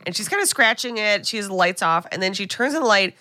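Animated woman recapping a movie, bright voice. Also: mid-range voice, quick pace, slight background noise. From United States. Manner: animated retelling, acts out characters' lines, swears casually. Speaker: podcast co-host. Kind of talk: casual movie recap chat.

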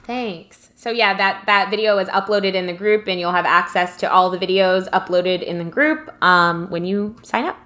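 A woman's voice: mid-range voice, moderate pace, few pauses, pushed and bright. A young woman co-hosting a podcast, chatting casually with lots of giggles. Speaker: podcast co-host.

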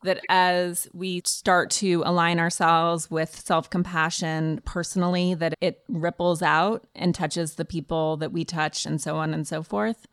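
A woman's voice: fairly low pitch, little pitch movement, unhurried, few pauses, clear, resonant tone, no echo, studio quality. A woman hosting an interview, reflective and thinking aloud as she shares her own view. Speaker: interviewer, podcast host. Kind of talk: conversational interview.

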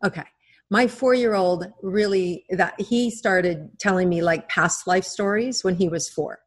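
A middle-aged woman, a psychic-medium guest on a podcast, speaking as a gentle coaching storyteller. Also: on the low side, unhurried. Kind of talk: podcast interview.

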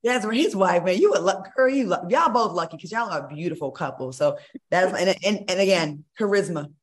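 A woman's voice: lowish voice, expressive, a little fast. A woman hosting a talk show, steering the conversation in upbeat casual chat. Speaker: talk show host leading the segment.

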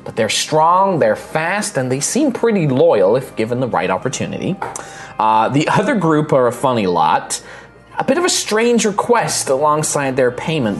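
A man narrates a tabletop game as its game master, his pitch rising and falling a lot. Faint music plays behind him. He sometimes slips into a Southern drawl as he describes the crew. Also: normal speed. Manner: lively, voices characters, slips into a Southern drawl.

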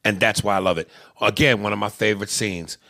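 A man co-hosting a podcast, chatting in an animated, opinionated way with some swearing. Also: fairly low pitch, fast talker. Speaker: podcast co-host. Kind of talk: casual chat.

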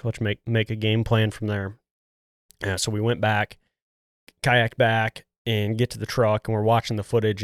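A man's voice: fairly low pitch, no room sound, studio quality. A man hosting a podcast, casually and animatedly telling a hunting story with a lot of "dude.". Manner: animated, acts out quotes, says "dude" often. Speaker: podcast host.

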